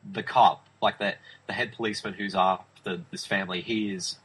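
A man's voice: low voice, steady tone, moderate pace, fairly bright tone, husky, rough recording. A man talking films in a casual review chat, enthusiastic and emphatic, often restarting his sentences. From Australia. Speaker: film review podcast host.

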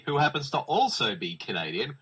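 A man's voice: mid-range voice, huge pitch swings, brisk, sharp tone, husky, low-quality recording. An Australian man hosting a casual podcast chat, introducing guests with jokes and laughter. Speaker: podcast host.

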